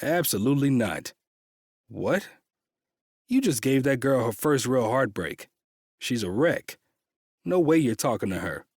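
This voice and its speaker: A man's voice: medium pitch, very animated, measured pace, pauses often, a little mellow, husky, no echo, clean studio sound, heavily acted. A man voicing a blunt, protective adult man who taunts and swears in a curt way, read as an audiobook character.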